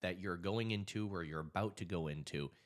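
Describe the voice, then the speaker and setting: A man's voice: low-pitched, brisk. A man who works as a hypnotist and anxiety coach tells a story to camera in a casual way, then gives advice, acting out the voices of people in the story. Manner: animated storyteller, acts out quoted voices.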